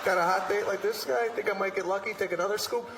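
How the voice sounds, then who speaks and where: Exasperated high-voiced male stand-up comic. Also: quick pace. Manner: animated, exasperated storytelling with acted-out asides. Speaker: stand-up comedian. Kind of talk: stand-up routine. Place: comedy stage before a live audience. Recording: roomy venue with live audience and noise.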